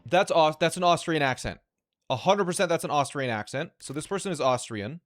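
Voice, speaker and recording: A man streaming a puzzle game, thinking aloud in live commentary, excited and quick to repeat himself. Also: a little high, dry recording, clean studio sound.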